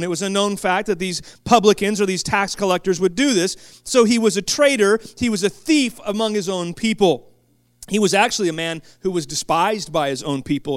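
High-voiced impassioned male preacher. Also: clean tone, no echo, clean studio sound. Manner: impassioned, swings from quiet asides to shouted climaxes; frequent stammered restarts. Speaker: pastor. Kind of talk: sermon.

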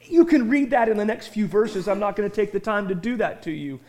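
A man preaching a sermon in a church, animated and conversational, often breaking into excited shouting and asking the congregation questions. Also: sits high, fairly quick. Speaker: pastor. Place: church sanctuary.

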